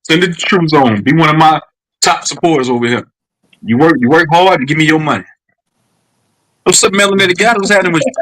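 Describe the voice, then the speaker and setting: A man's voice: a little high, brisk, long pauses, a bit bright, a little hiss or hum, low-quality recording. A man with a Southern US accent hosting a livestream chat, boisterous, profane and joking. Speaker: livestream host.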